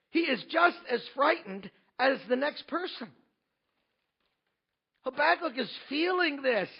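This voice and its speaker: Emphatic pastor with a gravelly high voice. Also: male voice, lo-fi sound. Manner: emphatic, rhetorical questions, swings between loud and hushed. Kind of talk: sermon.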